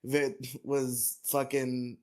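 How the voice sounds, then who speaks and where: A man co-hosting a podcast in casual chat, talking excitably with lots of swearing and laughter. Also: mid-range voice, very slow. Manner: excitable, profane, laughing often. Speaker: podcast co-host.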